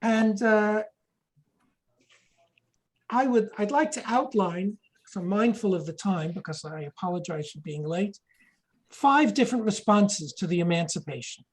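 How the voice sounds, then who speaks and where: A woman's voice: medium pitch, measured pace, long pauses, a little mellow, rough recording. A woman giving a history lecture, explaining points and reading quotations aloud, sometimes correcting herself mid-sentence.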